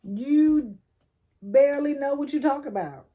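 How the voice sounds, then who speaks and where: A woman's voice: high voice, measured pace, dark tone. A woman doing a casual tarot reading, chatty and coaching, using slang and laughing now and then. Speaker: tarot reader.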